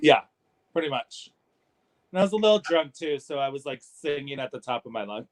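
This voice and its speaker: A man's voice: mid-range voice, expressive, a little fast. A man appearing as a guest on a podcast, chatting in a laid-back way. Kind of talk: casual chat.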